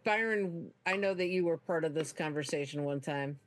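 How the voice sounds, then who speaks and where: A middle-aged woman in a relaxed group chat, talking with hesitant restarts while she hunts for the right word. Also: deep voice, moderate pace. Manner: searching for words, hesitant.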